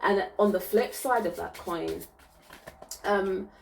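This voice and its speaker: A soothing woman gives an intuitive spiritual reading, often checking in with her listeners. She talks at a middling pitch, a little off the microphone, with a faint hiss in the background. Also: slow, creaky, far from the mic, low-quality recording. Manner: soothing, reassuring, frequent "okay?" check-ins. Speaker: spiritual reader.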